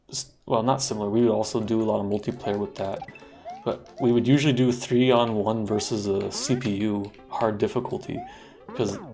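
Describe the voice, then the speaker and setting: A man in his thirties chatting casually while streaming a game, relaxed, laughing often and swearing freely. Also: fairly low pitch.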